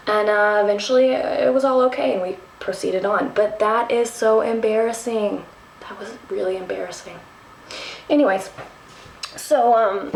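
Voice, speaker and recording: A young woman from Texas telling a travel story to the camera, animated and self-mocking, with lots of ums and restarts. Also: mid-range voice, gravelly, slight background noise. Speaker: vlogger. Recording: roomy, from a distance.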